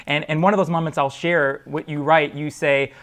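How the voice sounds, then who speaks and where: A man's voice: on the high side, steady tone, normal speed, a bit bright. A man hosting an interview, asking earnest, emotive questions full of "you know" and "like". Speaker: interview host.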